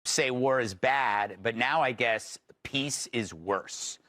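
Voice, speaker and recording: A man's voice: medium pitch, slow, bright, forceful tone. A man hosting a late night talk show, delivering a sarcastic monologue.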